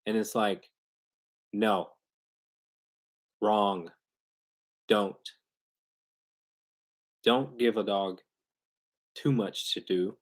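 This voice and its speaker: A man's voice: on the low side, drawn-out words, long pauses. Rambling, slangy man hosting a dog-training livestream. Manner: loose, rambling, slangy, with frequent restarts. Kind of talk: casual livestream talk. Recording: glitchy internet livestream.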